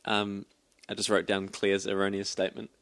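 A man's voice: on the low side, completely flat delivery, moderate pace, a bit bright, dry recording. A giggly man on a podcast. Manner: giggly, laughs through his sentences. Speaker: podcast co-host. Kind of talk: casual chat.

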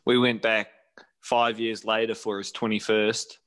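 A man's voice: on the low side, level tone, a little slow, a bit bright. A man in his thirties from New Zealand, casually telling a travel story with lots of fillers and restarts.

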